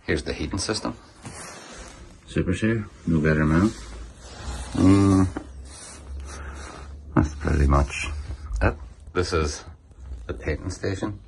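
A man with a Northern Irish accent from Derry chats loosely while walking through his indoor games room, and his voice sits extremely low. He talks in an offhand, wandering way and drops the odd curse. A faint noise hangs under him. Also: takes it slowly, vocal fry, pauses often, darkish tone, rough recording. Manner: rambling and offhand, with frequent swearing. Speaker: table football player giving a tour. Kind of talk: casual walkthrough chat.

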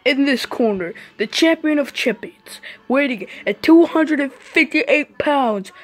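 A woman voicing a boastful male fight announcer in a homemade comedy skit, calling out a champion with loud, drawn-out hype. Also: high-pitched, expressive, soft background music. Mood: hyped.

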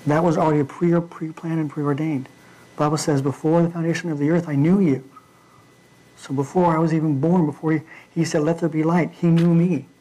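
Halting, mellow-voiced male preacher. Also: fairly high pitch, flat delivery, rough recording. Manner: halting, with frequent fillers and restarts. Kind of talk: informal midweek sermon. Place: church.

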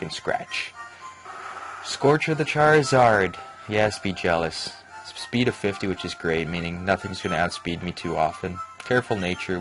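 A man hosting a let's play, giving rambling gameplay commentary with excitable reactions. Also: deep voice, rough recording. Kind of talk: gaming commentary. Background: game music.

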